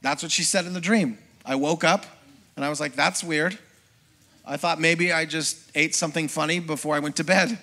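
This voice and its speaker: A middle-aged man, a pastor, preaching a sermon as a lively personal testimony and acting out the voices of people in his story. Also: a little high, normal speed. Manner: storytelling, acts out quoted voices, conversational with congregation.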